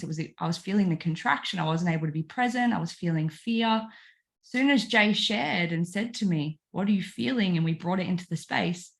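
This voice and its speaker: A woman talking earnestly and reflectively about relationships, repeating phrases for emphasis. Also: mid-range voice. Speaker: guest.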